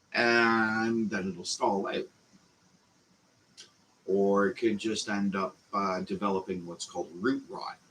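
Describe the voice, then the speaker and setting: A man with a Canadian accent hosting a casual growing class, talking slowly and meandering with lots of fillers. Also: sits low, a bit bright, slight background noise, low-quality recording. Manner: slow, meandering, with frequent fillers. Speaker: channel host teaching a growing class. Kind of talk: casual instructional talk.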